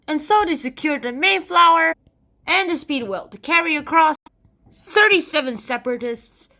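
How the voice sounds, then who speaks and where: A woman giving a playful, casual history lesson, joking and adding sound effects. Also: sits high. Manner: animated, jokey, adds sound effects. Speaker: history explainer.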